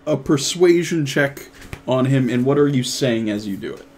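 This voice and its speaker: Animated male game master. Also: mid-range voice, normal speed, slight background noise. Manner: animated, laughs often, restarts. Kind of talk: narrating a tabletop game.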